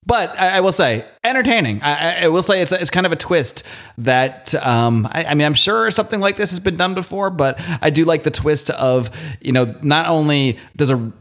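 A man co-hosting a podcast, giving his opinion in a thoughtful, hesitant way with halting restarts. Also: on the high side, expressive, a bit bright. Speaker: podcast co-host. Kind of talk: casual podcast discussion.

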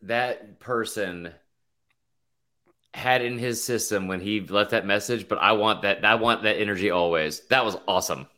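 A man hosting a casual sports chat, animated and swearing freely. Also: fairly low pitch, normal speed. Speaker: podcast host.

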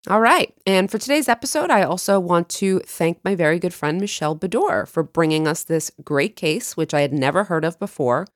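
A woman co-hosting a true crime podcast, chatting and narrating a case with lively jumps in pitch when excited. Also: fairly quick, few pauses, no room sound, clean studio sound. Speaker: podcast co-host.

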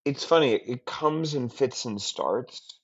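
A man who is a film director, giving a candid, reflective interview with halting speech, many restarts and trailing-off phrases. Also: medium pitch, expressive, breathy edge. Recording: dull lo-fi sound.

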